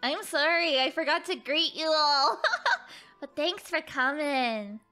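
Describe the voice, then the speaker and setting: Giggly woman VTuber, high bright voice, unhurried chat, faint game music behind. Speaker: VTuber streamer. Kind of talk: casual live-stream gaming chat.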